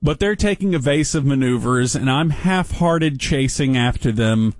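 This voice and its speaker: A man telling a story on a casual talk show, wry and deadpan, with dry sarcasm. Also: mid-range voice, moderate pace, dry recording.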